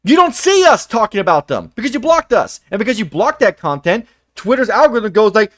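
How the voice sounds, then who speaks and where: High, lively young man ranting. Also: fairly quick, hardly any pauses, dry recording, studio quality. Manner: animated, profane ranting with sudden loud outbursts. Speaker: livestream co-host. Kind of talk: heated casual chat.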